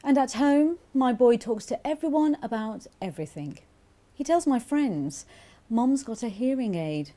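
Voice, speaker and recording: Middle-aged mum with mild hearing loss, wry and stubborn, lively and mellow voiced by an actress. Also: female voice, on the high side, measured pace. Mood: frank. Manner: frank, wry, a bit stubborn. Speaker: actor voicing a mother's testimony. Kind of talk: scripted testimony monologue.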